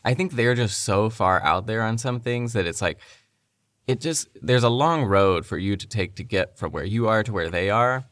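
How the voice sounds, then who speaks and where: A man with a lowish voice co-hosts a casual podcast. He thinks aloud in a reflective way, with many fillers. The close mic keeps the sound dry. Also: normal speed, a bit bright, no room sound. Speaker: podcast co-host. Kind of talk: casual conversation.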